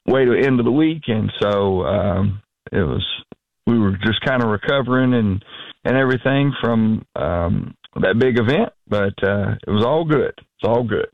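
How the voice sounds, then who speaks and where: A male financial advisor talks listeners through annuities in an affable, steady way, pausing on plenty of ums. His voice sits fairly low and comes through a slightly dull, dry studio line. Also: vocal fry, dry recording. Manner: affable, steady explainer with many fillers. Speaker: financial advisor, regular radio guest. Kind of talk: explaining finance on a call-in show.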